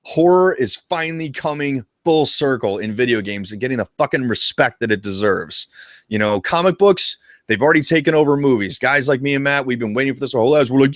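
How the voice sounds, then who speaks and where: A man co-hosting a casual live discussion about a video game, talking in an excitable, profane and animated way. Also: medium pitch, a little fast, dry recording, studio quality. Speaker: co-host of a retro gaming show.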